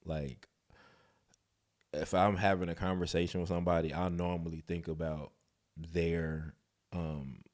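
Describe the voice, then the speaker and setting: Animated man telling a story, low voice. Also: a little slow, pauses often. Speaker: podcast co-host. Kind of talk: casual chat.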